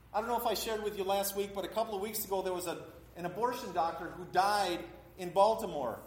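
A high-pitched middle-aged man preaches a sermon in a church hall, and his voice carries a long reverb around the room. He often acts out the voices in his stories. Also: a little hiss or hum. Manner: acts out voices in quotes, talks with a congregation. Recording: echoey hall.

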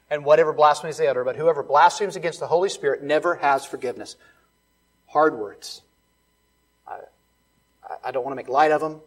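A man preaching a sermon, building to loud, emphatic repeated lines and dropping to soft, hushed ones. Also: mid-range voice, rough recording. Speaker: pastor.

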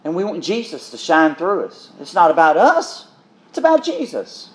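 High-voiced earnest male preacher. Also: wildly swooping pitch. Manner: earnest, pausing, repeats words, addresses listeners as beloved. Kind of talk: sermon.

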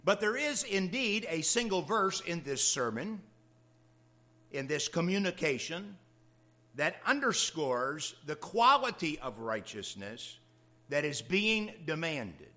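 A man's voice: on the high side, sing-song, slow, bright, forceful tone. A man preaching a sermon to his congregation, with dramatic rises of emphasis in a preaching cadence. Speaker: pastor.

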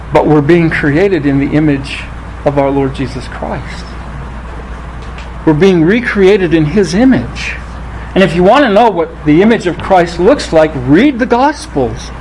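A man preaching a sermon, reading scripture aloud and rising in pitch on the quoted lines, thinking aloud with restarts. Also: a little mellow, slight background noise, low-quality recording. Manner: rises in pitch when quoting scripture.

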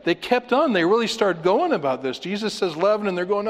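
A man preaching an expository sermon, animated, acting out the voices of the people he talks about. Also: high-pitched, fairly quick, hardly any pauses, in a large hall. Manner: animated, acts out voices of the disciples. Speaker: pastor.

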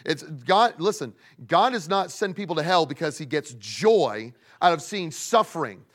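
A man preaching a sermon to young people, emphatic, swinging between loud pleading and hushed asides. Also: fairly high pitch, lively intonation, moderate pace. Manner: speaks directly to young people in the congregation.

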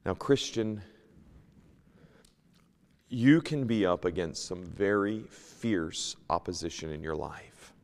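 Guy teaching sunday school from the bible, reads old scripture out loud, gets loud then quiet, echoey church. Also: deep voice, slow, long pauses. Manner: animated, swings from loud emphasis to hushed asides; reads King James scripture aloud.

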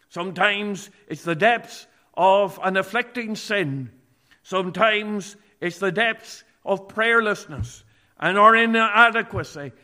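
A man preaching a sermon, speaking deliberately and reading scripture passages aloud. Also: sits high, bright, forceful tone.

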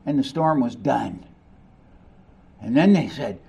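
Slow, animated preaching man. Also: on the high side, husky. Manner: animated preaching, swinging between hushed and emphatic; rhetorical questions to the congregation. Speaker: pastor. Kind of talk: sermon.

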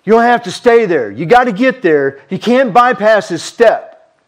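A man's voice: high-pitched, animated, normal speed. A man with a Southern US accent preaching a fervent sermon, repeating words for emphasis. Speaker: pastor.

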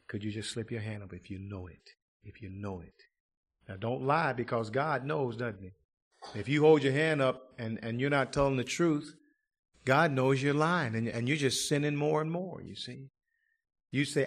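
Fervent preacher man, shouting to hushed. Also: mid-range voice, normal speed. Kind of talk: evangelistic sermon and altar call.

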